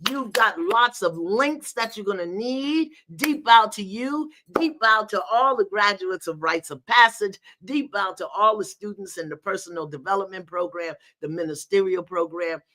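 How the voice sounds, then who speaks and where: A middle-aged woman hosting a live online spiritual gathering, playfully greeting viewers by location in a casual, animated way. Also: mid-range voice, moderate pace, hardly any pauses. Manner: lively, playful, call-outs with "in the house".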